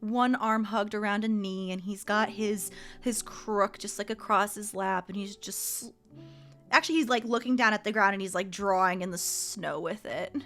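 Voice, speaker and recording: A woman's voice: medium pitch, fairly even intonation, normal speed, a bit bright. A woman narrating as game master of a tabletop game, casual and giggly, with lots of fillers.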